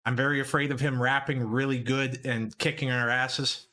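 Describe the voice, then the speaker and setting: Bright-voiced young man hosting a stream. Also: mid-range voice, little pitch movement, moderate pace. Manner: profane, self-mocking, laughing often. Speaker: livestream host. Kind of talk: casual live stream commentary.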